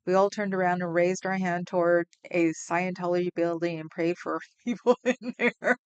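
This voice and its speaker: 50s woman rambling on her home livestream, kinda low voice, laughs a lot. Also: steady tone, moderate pace, clean tone, highs cut off. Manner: rambling, chatty, laughs often. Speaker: livestream host. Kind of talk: casual livestream chat.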